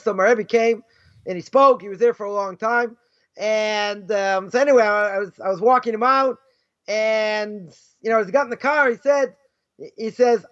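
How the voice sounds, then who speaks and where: High-voiced rabbi, animated storytelling lecture. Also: male voice. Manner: animated, repeats "right?" often, acts out quoted voices. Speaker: rabbi teaching Jewish ethics. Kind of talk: informal lecture with stories. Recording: dull lo-fi sound.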